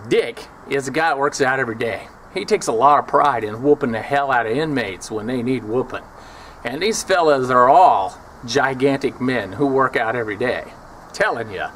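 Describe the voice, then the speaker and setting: A man's voice: mid-range voice, a bit bright, a little hiss or hum. Scornful man telling old prison stories. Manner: wry, scornful, acts out the people he quotes. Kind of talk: casual storytelling.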